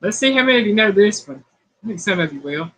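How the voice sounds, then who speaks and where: A woman's voice: mid-range voice, animated, fast talker, rough recording. A woman hosting a home cooking livestream, chatting casually and reading viewer comments aloud. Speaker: cooking channel host.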